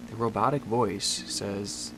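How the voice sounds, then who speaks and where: A man giving scripted, suspenseful mystery narration, measured and slowing down for dramatic phrases. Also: on the low side, steady tone, background noise. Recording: narration over music.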